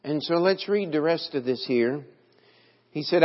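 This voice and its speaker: A man's voice: a little high, a little slow. A man preaching an evening sermon in an earnest, emphatic way, reading scripture aloud. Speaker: pastor. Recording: dull audio with long church reverb.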